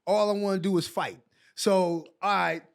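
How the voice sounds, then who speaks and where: A man in his forties from New York, a guest on a podcast, telling animated stories full of "like" and "so". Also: high voice, moderate pace, gravelly, clean tone. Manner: lively anecdotes packed with "like" and "so". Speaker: guest, former pro basketball player. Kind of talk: animated storytelling in a podcast chat.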